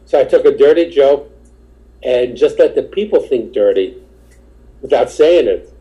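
Male comic, podcast guest, dark mellow tone, rambling raconteur who acts out quotes, muffled lo-fi audio. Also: mid-range voice, expressive, measured pace. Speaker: stand-up comedian, podcast guest. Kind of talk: casual anecdotal storytelling.

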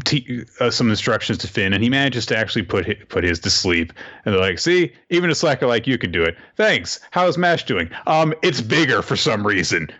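A man with a fairly low but bright, forceful voice chats loosely through a story recap, hopping into quick quoted voices for the characters. The sound is dull and lo-fi, like a modest home podcast setup. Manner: rambling, quoting characters in quick shifts of voice. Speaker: podcast host recapping an anime episode. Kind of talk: casual chat.

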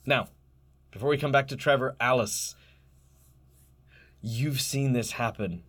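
A man narrating a tabletop game as game master, describing scenes in detail, laughing often and slowing down for dramatic moments. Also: medium pitch, a bit bright.

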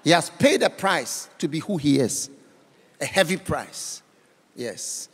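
Slow and sing-song, a man on the high side of the pitch range preaches as a guest in a large church hall. His altar-call sermon is impassioned and repetitive, urging the crowd on and breaking into tongues. His voice sounds slightly rough.

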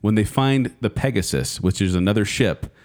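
A man's voice: lowish voice, animated, normal speed, a little mellow. A man co-hosting a casual chat, talking at length and explaining, with plenty of "like". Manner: chatty, full of "like" and restarts, explaining shows. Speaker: podcast co-host.

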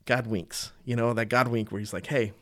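A man's voice: medium pitch, fairly even intonation, moderate pace. A man giving a casual, earnest Bible teaching, talking conversationally and often repeating and restarting his phrases.

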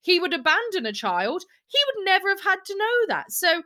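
A woman co-hosting a podcast, telling a story in a casual, animated and rambling way. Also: very high-pitched, moderate pace. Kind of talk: casual chat.

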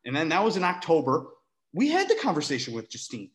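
A man co-hosting a casual sports podcast, ranting in an animated, exasperated way, with sarcastic asides and free swearing. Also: on the high side, quick pace. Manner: swears freely. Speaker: podcast co-host.

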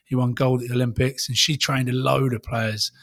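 A man's voice: mid-range voice, flat delivery, a little fast, fairly bright tone, no echo, studio quality. A man in his thirties, a rugby player guest, chatting casually and freely with banter and the odd swear word. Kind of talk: casual conversation.

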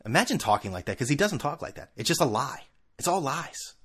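A man's voice: mid-range voice, big pitch swings, brisk, a bit bright, breathy edge. A man hosting a podcast on his own, talking in a rambling, self-mocking way with bursts of laughter. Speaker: podcast host. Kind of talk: casual solo podcast chat.

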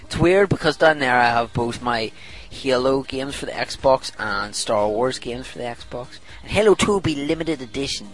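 A man's voice: medium pitch, animated, normal speed, hardly any pauses. Male co-host, playful storyteller, casual chat, faint music under. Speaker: podcast co-host.

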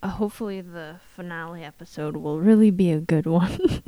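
A woman hosting her own solo podcast, her voice hoarse and scratchy from shouting, talking in a tired, wry, self-deprecating way with frequent little laughs. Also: on the low side, very animated, unhurried, no echo. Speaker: podcast host. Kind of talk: casual solo podcast monologue.

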